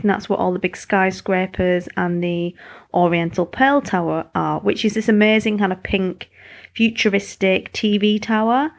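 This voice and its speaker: A woman's voice: mid-range voice, vocal fry. A woman host, chatting in a rambling, self-deprecating way on her podcast. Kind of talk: casual podcast monologue.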